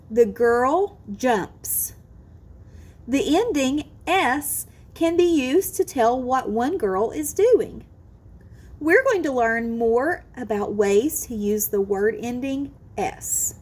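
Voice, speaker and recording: A woman teaching a kindergarten phonics lesson, sounding out words slowly and with exaggerated care. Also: high voice, a little mellow, husky. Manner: drawn-out, exaggerated sounding out of words, sing-song encouragement. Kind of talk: slow, careful phonics lesson for young children.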